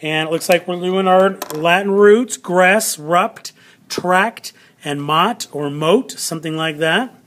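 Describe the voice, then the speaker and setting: A man's voice: high-pitched, slow pace, fairly bright tone, a little hiss or hum. A man teaching a classroom lesson on video, patient and explaining step by step, repeating key words for emphasis.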